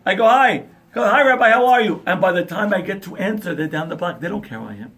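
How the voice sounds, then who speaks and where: Rabbi lecturing a crowd, higher voice, acts out voices. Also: male voice, quick pace, vocal fry. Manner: animated storyteller, acts out dialogue, asks the crowd questions. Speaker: rabbi giving a talk on parenting. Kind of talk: lively sermon to an audience.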